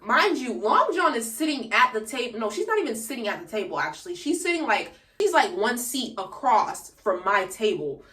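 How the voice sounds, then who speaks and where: A woman's voice: on the high side, bright, forceful tone, distant mic. A young woman in her late teens telling a story to her viewers in a chatty, slangy way, recorded on a phone. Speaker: vlogger. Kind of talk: casual storytime vlog. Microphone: phone camera. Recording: echoey room, away from the mic.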